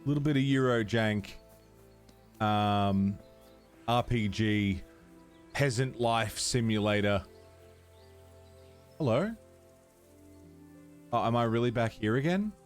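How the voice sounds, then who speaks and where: A man's voice: lowish voice, measured pace, pauses often, faint music behind. A man streaming a game live, chatting casually with his viewers and fussing at his cat as he plays. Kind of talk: casual livestream chat.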